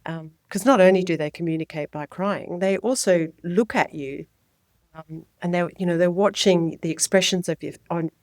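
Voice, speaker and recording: Dry-voiced nurse explaining things. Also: female voice, lowish voice, normal speed, no echo. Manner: explanatory, lively when voicing babies and parents. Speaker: child health nurse and midwife. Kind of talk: podcast interview, giving parenting advice.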